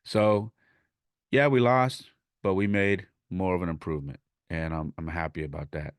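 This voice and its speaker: A man's voice: sits low, steady tone, normal speed, clean tone, no echo, studio quality. A man hosting his podcast, animatedly telling a story from coaching youth baseball and retelling conversations in his own words.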